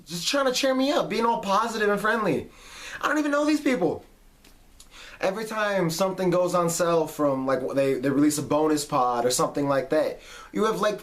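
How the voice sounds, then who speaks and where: A man in his late twenties giving a heated, emphatic rant on his vlog, swearing freely. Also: high-pitched. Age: late 20s. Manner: heated, emphatic, profane ranting. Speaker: vlog host. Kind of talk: ranting monologue.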